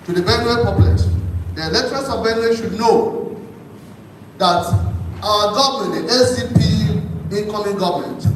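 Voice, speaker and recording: Emphatic Nigerian man, high voice, echoey hall. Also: far from the mic, slight background noise. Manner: emphatic, repeats points for stress. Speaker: governorship candidate. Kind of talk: formal political debate answers. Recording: very echoey hall, picked up from afar.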